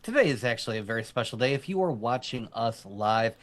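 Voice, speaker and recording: Brisk and animated, this medium-pitched man co-hosts a casual live show in podcast-style chat. The adult army veteran rambles, laughs frequently, and pokes fun at his partner.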